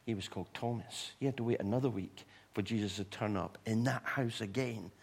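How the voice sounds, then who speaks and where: A man preaching a sermon, retelling stories in an animated way with humorous asides to the congregation. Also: lowish voice, a little fast, breathy edge. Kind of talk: sermon storytelling.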